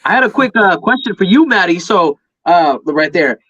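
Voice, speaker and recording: Bright, rambling podcast co-host, lo-fi. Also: male voice, high voice, animated, moderate pace, husky. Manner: loose, rambling, many fillers. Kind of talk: casual podcast chat. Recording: dull lo-fi audio.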